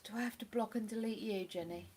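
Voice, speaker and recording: A woman from England hosting a casual livestream chat, rambling and cooing softly to her dog between remarks. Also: mid-range voice, quick pace, a little hiss or hum. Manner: chatty, drops to soft cooing baby talk with her dog. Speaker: livestream host.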